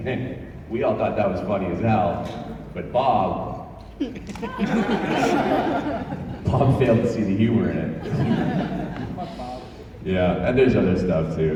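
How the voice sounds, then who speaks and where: A man's voice: mid-range voice, background noise. A man on a convention panel, telling profane, laughing anecdotes during an audience Q&A. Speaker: voice actor panelist. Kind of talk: convention Q&A storytelling. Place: large convention hall with an audience. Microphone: distant microphone. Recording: echoey hall, distant mic, crowd.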